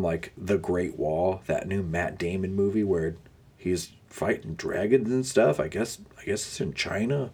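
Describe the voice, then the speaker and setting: Sarcastic young man ranting, husky voice. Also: low voice, darkish tone. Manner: sarcastic, groaning complaints. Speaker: podcast host. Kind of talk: casual ranting monologue.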